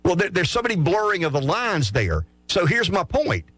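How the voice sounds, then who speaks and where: A man holds forth on a sports talk show, his somewhat high voice swinging up and down with lively emphasis. He argues his points hard, tossing out rhetorical questions and answering them himself. The sound is close and dry. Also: moderate pace, no room sound.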